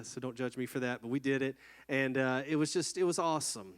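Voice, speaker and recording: A man, a pastor, telling a personal story in a sermon in an earnest, reflective way with halting restarts. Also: medium pitch, clean tone.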